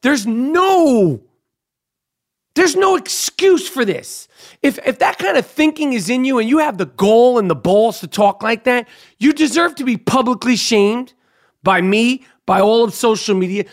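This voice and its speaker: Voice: mid-range voice, lively intonation, moderate pace. A podcast host delivering a profane, angry monologue with frequent stammering restarts and repeated phrases.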